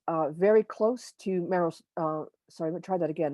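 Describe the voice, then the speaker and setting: A woman with a low, mellow voice gives an informal astrology lecture over a video call. She speaks haltingly, pausing often and correcting herself mid-sentence. The sound is dry and close. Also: dry recording. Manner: halting, frequent pauses and self-corrections; opinionated asides. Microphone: computer mic on a video call.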